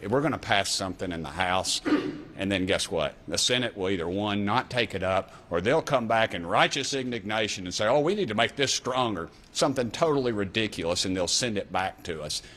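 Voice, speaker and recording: A man's voice: on the low side, expressive, a little fast, fairly bright tone. A man with an East Tennessee accent giving a folksy, exasperated rant at a press conference. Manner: folksy, exasperated, says dadgummit. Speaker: congressman giving a press speech.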